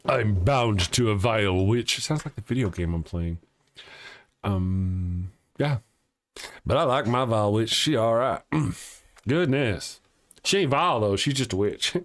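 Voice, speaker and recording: A man's voice: fairly low pitch, animated, unhurried, pauses often. A man hosting a casual live morning show, reading viewer comments aloud and joking, often chuckling as he talks.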